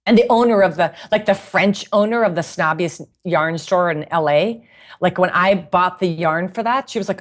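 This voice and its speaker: A woman guest in a casual interview, telling stories in a chatty, animated way and laughing often. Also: fairly low pitch, normal speed. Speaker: guest musician and knitting author.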